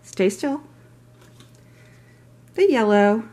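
A woman's voice: fairly high pitch, animated, drawn-out words, a little mellow, slight background noise. A middle-aged woman chatting through a shopping haul on camera, gushing over each item with rambling asides. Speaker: haul vlogger. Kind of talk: casual show-and-tell vlog.

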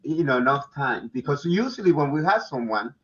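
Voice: mid-range voice, expressive, a little fast, a bit bright, highs cut off. A co-host of an online interview show, playful and teasing.

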